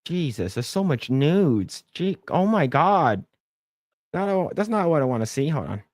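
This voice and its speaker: A man's voice: on the high side, big pitch swings, unhurried, a little mellow, dry recording, studio quality. A man hosting a casual livestream podcast, rambling, repeating words and thanking donors. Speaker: podcast host.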